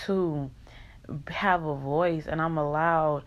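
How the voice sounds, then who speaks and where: A woman's voice: low voice, steady tone, slow pace, highs cut off. A young woman in an emotional vlog rant, venting in raw, profane country slang.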